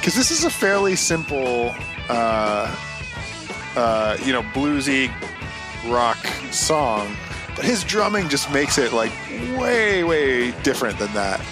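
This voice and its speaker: A man's voice: medium pitch, big pitch swings, takes it slowly. A man co-hosting a podcast in casual chat, easygoing and hesitant, with many fillers. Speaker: podcast co-host. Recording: music clearly playing underneath.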